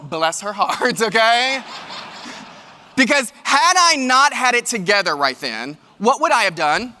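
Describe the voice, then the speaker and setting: A man gives a keynote in a big hall, and his voice rings out with a long reverb. He sounds high and bright as he tells animated stories and speaks straight to the crowd. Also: measured pace. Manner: animated storytelling, addresses audience directly. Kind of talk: motivational keynote. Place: large hall with live audience.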